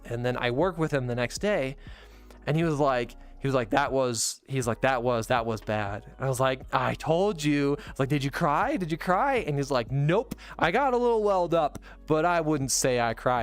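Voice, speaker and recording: A man's voice: mid-range voice, smooth. Rambling young man telling a story. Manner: rambling, animated, full of fillers and restarts. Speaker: podcast host. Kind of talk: casual storytelling.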